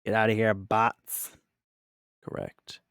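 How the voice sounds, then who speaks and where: A man's voice: medium pitch, lively intonation, a little slow, vocal fry, no room sound, studio quality. A man painting on a live stream, chatting casually and reacting to chat in an upbeat, rambling way.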